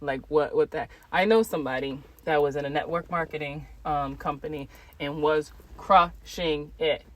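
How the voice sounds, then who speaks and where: A middle-aged woman hosting a podcast, talking candidly about spiritual growth in a casual, animated way with some mild swearing. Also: deep voice, normal speed. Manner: animated, rising for emphasis and dropping quiet for asides. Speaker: podcast host.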